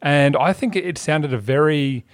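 A man's voice: a little high, normal speed, dry recording. A man co-hosting a film review chat, explaining his views with assurance. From Australia. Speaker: film review podcast co-host. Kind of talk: casual chat.

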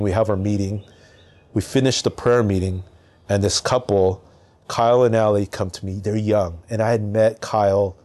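A man from Southern California, a podcast guest, telling a personal story in a casual, animated way with lots of fillers. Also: on the low side.

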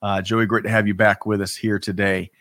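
A man's voice: lowish voice, flat delivery, fairly quick, fairly bright tone, dry recording, studio quality. A man hosting a live talk show, greeting viewers by name in an upbeat way with a few stumbles. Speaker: host.

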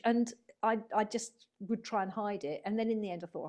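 Mellow-voiced woman telling stories reflectively. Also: medium pitch, brisk, few pauses. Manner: reflective, rambling, acts out quoted voices. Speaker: guest, psychotherapist and spiritual healer. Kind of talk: conversational storytelling interview.

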